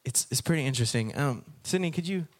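A preacher from Texas, a man, gives a joking sermon and talks straight to his audience in a playful, animated way. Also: medium pitch, fast talker.

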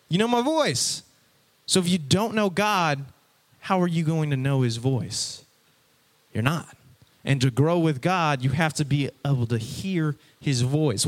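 This preacher, whose pitch runs fairly high, keeps his stage sermon casual and energetic. He chats with the audience and plays out their responses himself.

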